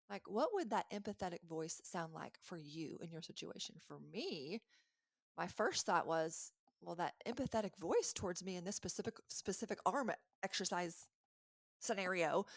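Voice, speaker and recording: A woman coaching listeners in an earnest, animated talk with a faith-based message, often stopping to correct herself. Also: medium pitch, normal speed, no room sound, clean studio sound. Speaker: life coach.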